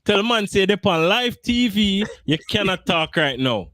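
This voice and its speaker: A man arguing about football on a podcast, animated and swearing. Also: high voice, measured pace, dry recording, studio quality. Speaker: podcast co-host. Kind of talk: heated football banter.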